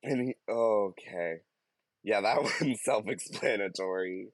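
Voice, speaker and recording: Man, young adult, podcast co-host, slow, dry close sound, wry, rambling casual chat. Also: lowish voice, dry recording. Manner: unhurried, wry, trailing into tangents.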